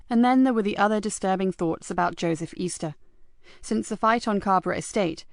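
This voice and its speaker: A woman reading a crime audiobook in a measured, even voice. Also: lowish voice, dry recording, clean studio sound. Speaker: audiobook narrator. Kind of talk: scripted narration.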